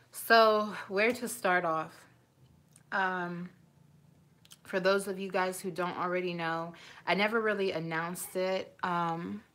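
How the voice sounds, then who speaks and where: Woman in her twenties, live-stream vlogger on a phone at home, slow and emotional, slightly low voice. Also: a bit bright. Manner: rambling, emotional, self-interrupting. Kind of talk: casual live-stream chat.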